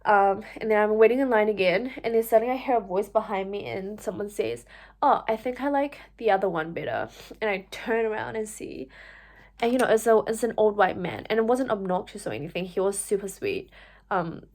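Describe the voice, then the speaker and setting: A woman's voice: medium pitch, a little fast. A young woman, telling a personal story to camera in a chatty way, full of fillers and "like". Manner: chatty, full of fillers, animated when quoting herself. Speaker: vlogger.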